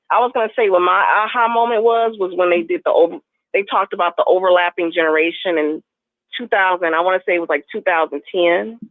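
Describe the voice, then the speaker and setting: A woman's voice: fairly low pitch, no room sound. A female caller chats casually, laughing lightly and restarting her sentences. Her voice comes over a thin, phone-like line. It sounds dry, with no room sound. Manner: friendly, laughs easily, hesitant restarts. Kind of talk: casual call-in chat.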